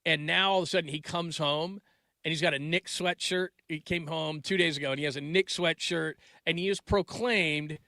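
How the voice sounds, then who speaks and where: A man's voice: a little high, fairly even intonation, moderate pace, dry recording, clean studio sound. A man in his forties hosting a sports talk show, rambling casually and restarting his sentences. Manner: rambling, restarts sentences, trails off mid-thought; gets loud and laughing when telling family stories.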